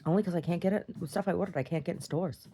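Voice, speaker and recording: A woman vlogger chatting casually in a video diary, teasing her dog in an animated way. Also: fairly low pitch, rapid-fire, a little hiss or hum.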